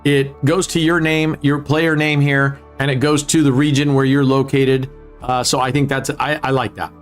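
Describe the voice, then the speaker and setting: A man hosts a live casino stream, chatting casually with viewers in the chat, joking and swearing. His voice is medium-pitched with little pitch movement at a normal speed, and faint music plays behind him.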